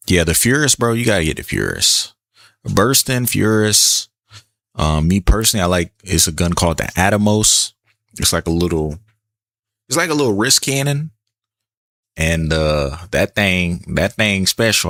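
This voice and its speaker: A man's voice: low voice, animated, normal speed, fairly bright tone, no echo, studio quality. A man casually chatting while he streams a shooter game, laid-back and talkative, greeting viewers in chat. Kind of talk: casual gameplay commentary.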